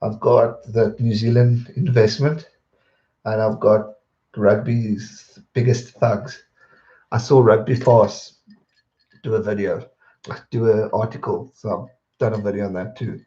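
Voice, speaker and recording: A man hosting a livestream, casually chatting and answering viewers' questions with a rambling, relaxed manner. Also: on the low side, a little slow, long pauses, roomy sound, muffled recording. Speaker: livestream host.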